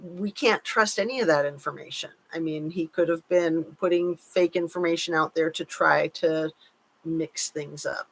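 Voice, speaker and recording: A woman's voice: deep voice, moderate pace. A woman hosting a casual live chat, reading viewer comments aloud and hedging her points with care. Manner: chatty, reads comments aloud, cautious with hedging.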